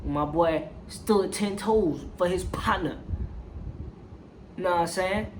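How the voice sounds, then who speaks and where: A movie reviewer giving a casual, animated recap, profane and slang-heavy, with constant check-ins to the audience. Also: mid-range voice, takes it slowly, long pauses, a little hiss or hum.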